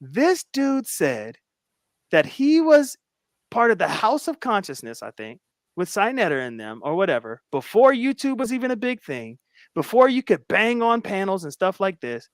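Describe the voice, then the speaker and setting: A man casually recounting an argument on a livestream, emphatic and animated as he retells it. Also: high voice, moderate pace, dry recording, studio quality. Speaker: YouTube commentator.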